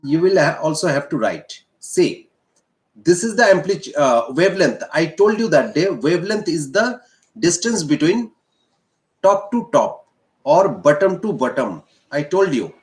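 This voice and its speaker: Indian guy teaching physics online, talks slow, repeats stuff, bouncy up-and-down voice. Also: a little high, very animated. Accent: Indian English. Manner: slow, repetitive explaining. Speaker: science teacher.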